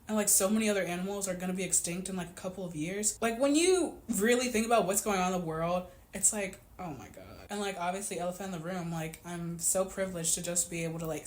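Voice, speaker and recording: A woman in her twenties chatting casually to camera in a vlog, animated and full of "like". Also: lowish voice. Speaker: vlogger. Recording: echoey room, faint background noise.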